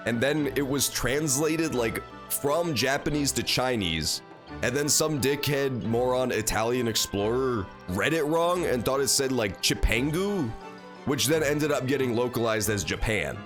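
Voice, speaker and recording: Young male let's-player, profane and jokey, lively delivery. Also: medium pitch. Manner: profane, joking, laughing. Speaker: let's play host. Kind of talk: casual gameplay commentary.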